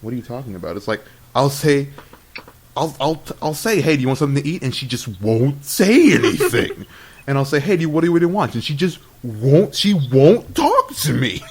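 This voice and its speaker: Speaking fast with lively intonation at a medium pitch, a young Texan podcast co-host wanders through a casual story packed with laughs and quoted lines. The amateur recording carries audible noise.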